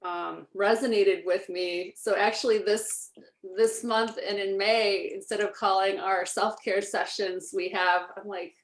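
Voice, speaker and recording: A woman's voice: medium pitch, fairly even intonation, a little slow. Woman host, loose searching phrasing, roomy echo, online meeting.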